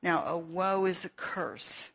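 Woman preacher, slow and earnest, husky voice, lo-fi dull recording. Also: lowish voice, fairly even intonation, fairly bright tone. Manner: unhurried, explains verses with asides and fillers. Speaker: Bible teacher. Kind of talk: slow, earnest sermon with scripture reading.

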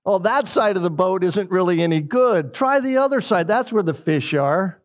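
A man putting on a wry male teacher, mock-sarcastic, high and lively, playful. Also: normal speed. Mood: teasing. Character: teasing wry male teacher questioning fishermen.

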